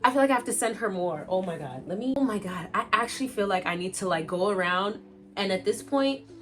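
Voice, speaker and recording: A woman's voice: medium pitch, brisk. Gushing young woman unboxing plants. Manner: gushing, excitable, talks straight to viewers. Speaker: plant vlogger. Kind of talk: casual unboxing vlog.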